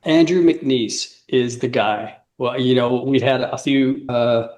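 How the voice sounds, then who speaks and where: A man's voice: medium pitch, fairly even intonation, slow, darkish tone. A man in his fifties, a musician guest telling rambling stories in a casual interview, laughing often and acting out quotes.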